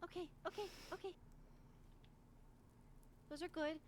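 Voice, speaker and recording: Playing a healer in an improvised roleplay, this woman streamer comes across anxious and apologetic, stammering and repeating herself. She speaks unhurriedly in a very high-pitched voice with fairly even intonation, and there's slight background noise.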